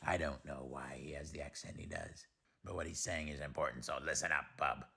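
A man putting on the voice of a gruff, blunt male mutant brawler, talking curtly in tough-guy slang. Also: rumbling low, expressive, brisk, bright, forceful tone, voice pushed down, heavily acted.

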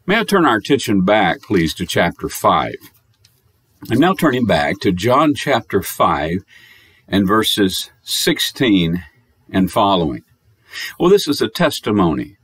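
A male American pastor delivers a pre-recorded sermon in a somewhat low, slightly husky voice. His pitch rises and falls widely as he presses home repeated, emphatic phrases and reads scripture aloud in archaic wording. The recording is close and dry. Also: no room sound. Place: recorded message, dry sound.

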